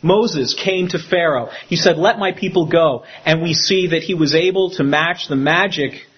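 A man, a pastor, preaching a sermon in an animated way and acting out the quotes he tells. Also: a little high, normal speed, dull audio, slight background noise.

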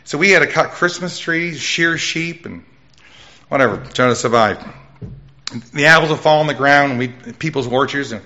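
A middle-aged man preaching his life testimony with a loud voice, telling his story with lively jumps in pitch. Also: lo-fi sound. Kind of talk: testimony sermon.

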